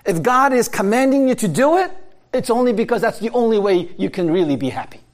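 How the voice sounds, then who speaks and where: A man delivers a sermon in a high, lively voice that swings widely up and down. He talks to his listeners directly, asks them question after question and laughs often as he preaches. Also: brisk. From America. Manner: conversational preaching, rhetorical questions, frequent laughs. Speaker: pastor.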